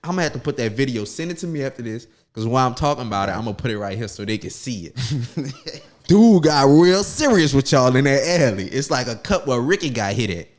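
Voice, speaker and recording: A man's voice: medium pitch, big pitch swings, a little fast. A man hosting a podcast, asking his guest questions in laid-back, teasing casual chat. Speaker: podcast host.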